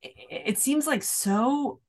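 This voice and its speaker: A middle-aged American woman, an author, chatting as a podcast guest with self-deprecating humour, frequent laughs and halting restarts. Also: high-pitched. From United States. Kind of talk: casual interview chat.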